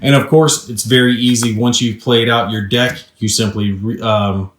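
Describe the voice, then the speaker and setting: A man's voice: mid-range voice, steady tone, normal speed, background noise. Chatty man demoing a board game in a roomy space. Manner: chatty and upbeat, explains rules as he plays. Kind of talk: casual tabletop gameplay walkthrough. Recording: roomy echo.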